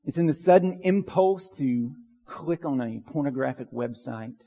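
A man's voice: mid-range voice, expressive, normal speed, mellow, in a large hall. A man preaching a sermon as pastor, earnest, repeating phrases for emphasis.

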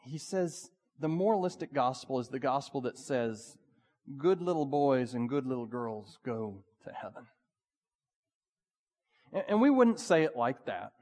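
A male pastor preaching a sermon, swinging between urgent pleading and hushed, quiet passages. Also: mid-range voice, sing-song, a little slow. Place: church sanctuary. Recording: long hall reverb.

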